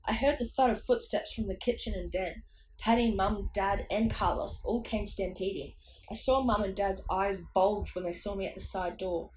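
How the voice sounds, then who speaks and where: A woman's voice: mid-range voice, steady tone, moderate pace, darkish tone, a little hiss or hum, low-quality recording. Woman reading a spooky kids' book aloud. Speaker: audiobook reader. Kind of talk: amateur storybook narration.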